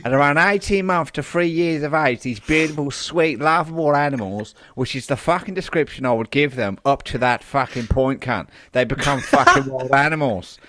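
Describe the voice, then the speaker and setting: A man's voice: medium pitch, moderate pace, hardly any pauses, sharp tone, voice pushed up, close to an everyday voice. Man putting on a swearing Australian woman carer. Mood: crude, emphatic. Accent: Australian (put on). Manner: swears constantly, blunt and rough. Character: foul-mouthed Australian woman wildlife carer.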